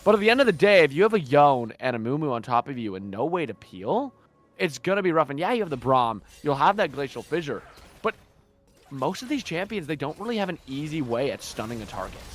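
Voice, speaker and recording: A man calling the action in a live esports match, lively and rising in pitch during the plays. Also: fairly quick. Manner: energetic, rises in pitch when calling the action. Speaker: esports caster. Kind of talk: esports play-by-play commentary. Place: broadcast booth.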